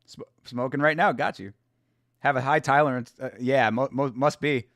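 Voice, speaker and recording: A man hosting a fight watch-along chats with his viewers, loose and profane and joking throughout. He speaks at a moderate pace in a medium-pitched, slightly bright voice with fairly even intonation. The sound is clean studio audio with no room sound.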